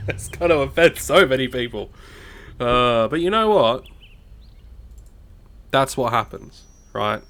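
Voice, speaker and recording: An Australian man talks over his gameplay in a loose, rambling way, dropping swear words constantly. He has a cold today, and his voice sits at a middling pitch for a man. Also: animated, slow pace, pauses often, a bit bright. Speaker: gameplay commentator. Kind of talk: casual gameplay commentary.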